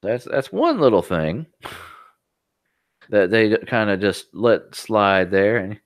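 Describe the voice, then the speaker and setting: Low-voiced man reading tech news. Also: big pitch swings, slow, dry recording, studio quality. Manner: sarcastic asides between read passages. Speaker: podcast co-host. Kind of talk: casual chat, reading news articles aloud.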